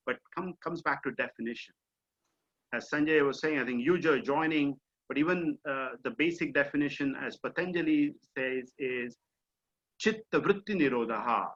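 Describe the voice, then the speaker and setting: A mindfulness coach, middle-aged and Indian-accented, leads a session over video call with a voice that runs high, pushed and bright. His teaching is casual and explanatory, peppered with fillers. Recorded at home or an office, the call audio comes through dull and lo-fi.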